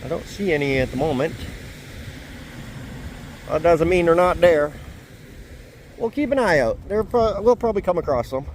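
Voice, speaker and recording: A middle-aged man from Canada talks to his camera while walking outdoors at a hatchery. His voice swings widely in pitch as he chats in a chatty, self-deprecating way. Faint wind and ambient noise sit behind him. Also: animated, moderate pace, pauses often. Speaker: travel vlogger. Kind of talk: casual vlog walk-and-talk.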